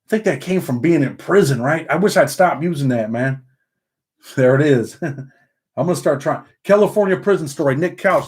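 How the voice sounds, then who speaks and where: A man's voice: on the high side, animated, moderate pace, a little mellow. A man from upstate New York with a Southern country twang, hosting a casual livestream, reading the chat aloud and tacking "man" onto the end of his sentences.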